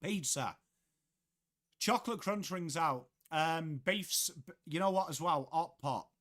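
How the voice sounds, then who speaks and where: A young Englishman hosts a live football watchalong, with a fairly high voice for a man. He chats loosely, curses casually and greets viewers by name between bits of play-by-play. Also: takes it slowly, fairly bright tone. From England. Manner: chatty, swears casually, reads out viewer chat. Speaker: livestream host.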